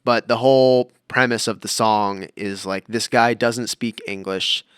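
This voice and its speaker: A man's voice: on the low side, steady tone, unhurried, fairly bright tone, clean tone, no echo, studio quality. A man co-hosting a podcast, chatting casually and wandering off into tangents as he tells stories. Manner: rambling, tangent-prone storytelling. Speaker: podcast co-host. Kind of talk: casual chat.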